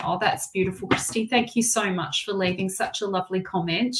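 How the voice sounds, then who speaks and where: A woman giving a live tarot reading, soft and reassuring, often repeating her phrases. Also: medium pitch, a little fast, hardly any pauses, a little hiss or hum. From Australia. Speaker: tarot reader.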